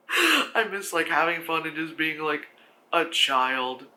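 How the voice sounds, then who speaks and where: A man giving a casual spoken film review, rambling with lots of "like" fillers and swearing, and acting out characters in sudden high shouts. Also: a little slow, slight background noise.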